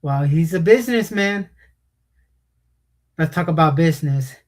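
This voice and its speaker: A male host speaks in an unhurried, measured way. He makes chatty asides during the interview. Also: fairly high pitch, expressive, a little mellow. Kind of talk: casual show commentary.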